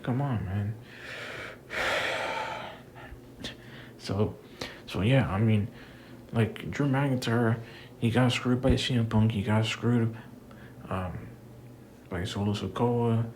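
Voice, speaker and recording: A young man rants casually to his audience in a lowish voice, circling back to the same complaints with plenty of fillers and restarts. He sounds exasperated throughout. A faint hiss sits under the recording. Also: slow, long pauses, darkish tone, rough recording. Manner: frustrated, repetitive, many fillers. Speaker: wrestling commentator. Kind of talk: casual rant to camera.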